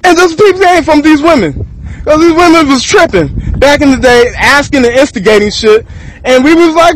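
A man's voice: extremely high pitch, animated, normal speed, a bit bright, rough recording. A man from Texas, rambling through a profane freestyle rant to camera and laughing between thoughts.

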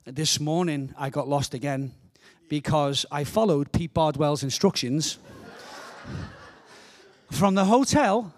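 An earnest, fervent middle-aged man from England, preaching as a guest speaker in a church. His voice sits a little higher than most men's. He often repeats words as he builds toward a point. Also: slow pace. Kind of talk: sermon.

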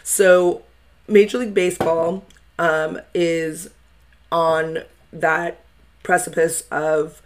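A man's voice: fairly high pitch, level tone, takes it slowly. A man hosting a podcast, hesitant with lots of fillers. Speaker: podcast host. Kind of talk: casual chat.

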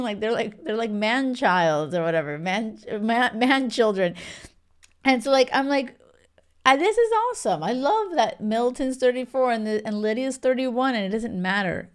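A woman's voice: mid-range voice, smooth. Gushing woman recapping reality TV. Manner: gushing, animated, lots of fillers. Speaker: podcast host.

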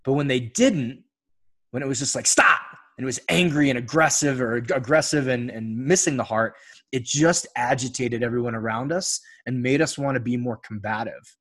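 A podcast host speaks alone to his audience of men in an earnest, coaching way. His voice is husky and sits at a middle pitch for a man. He swears now and then in a loose, casual manner. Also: moderate pace. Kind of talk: solo podcast monologue.

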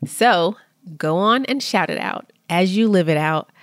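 Lady podcast host, slow and earnest, lowish voice, dead dry mic. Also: animated, no room sound. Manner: repetitive affirmations, earnest. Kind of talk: slow motivational podcast talk.

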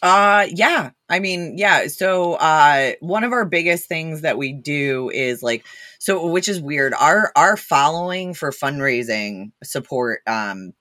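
Animated woman telling stories. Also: low voice, slow, no echo. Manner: animated, laughing, acts out quoted dialogue. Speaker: guest, rescue founder. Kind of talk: casual storytelling.

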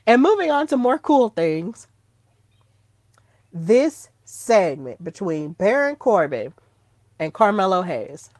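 Excitable, gushing woman podcast host. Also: mid-range voice, takes it slowly, long pauses, no room sound. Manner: excitable, gushing, squeals when thrilled. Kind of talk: casual solo podcast chat.

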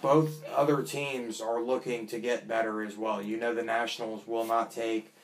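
A man's voice: mid-range voice, flat delivery, moderate pace. A man co-hosting a casual sports talk show, talking things through and often checking for agreement. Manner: conversational, asks for agreement with "right?". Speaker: podcast co-host.

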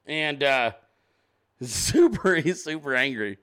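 A man's voice: on the high side, very animated, slow, bright, forceful tone. A man hosting a show, talking in a casual, rambling, profane and joking way, including informal sponsor reads. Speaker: show host. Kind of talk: casual live-stream commentary.

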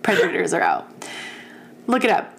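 Animated, profane young woman telling a story. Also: lowish voice, moderate pace, vocal fry, a little hiss or hum. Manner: animated, profane, laughs often. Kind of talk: casual storytelling chat.

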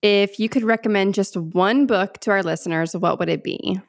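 Gushing, fast-talking woman podcast host. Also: medium pitch, no room sound, studio quality. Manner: gushing, fast, filler-heavy. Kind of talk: casual podcast chat.

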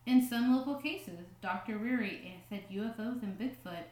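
A woman with a slightly high voice chats through a podcast, reading quoted passages and breaking in with jokes and laughter. Her voice bounces around a roomy, echoey space. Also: moderate pace, a little mellow. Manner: laughs often, reads quotes with asides. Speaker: podcast co-host. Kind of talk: casual chat, reading quotes aloud.

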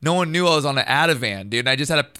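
A stand-up comedian guesting on a podcast tells a long, rambling story in casual chat, swearing and saying "dude" constantly. His medium-pitched voice is animated, racing, pushed and bright, with a clear, resonant tone and no room sound.

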